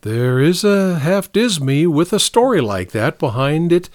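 A man's voice: on the high side, big pitch swings, unhurried, no echo, studio quality, pitched above the performer's own voice. Haughty aristocratic baroness, clipped and imperious, read by a man narrator. Audiobook reading. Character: aristocratic woman collector, haughty and eager.

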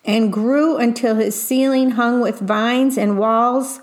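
A woman reading a picture book aloud slowly, pausing to describe each illustration in a gentle storytime manner. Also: fairly high pitch, fairly even intonation. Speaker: reader.

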